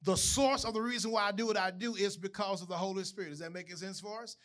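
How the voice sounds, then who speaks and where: Preacher, high bright voice, chatty sermon style that keeps asking the congregation questions. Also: male voice, steady tone, fast. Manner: conversational, asks the congregation questions. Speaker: pastor. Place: church.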